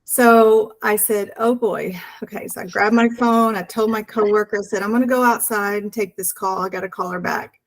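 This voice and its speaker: A woman's voice: medium pitch, fairly even intonation, brisk, hardly any pauses, rough recording. A woman telling an earnest personal story as an interview guest, acting out the dialogue as she goes.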